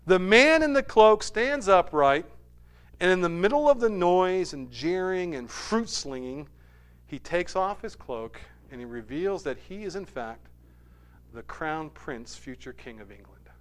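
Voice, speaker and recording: A man retelling a movie story in an animated sermon style, swinging between loud bursts and hushed asides. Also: sits high, a little slow, clear, resonant tone. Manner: animated retelling with sudden soft drops.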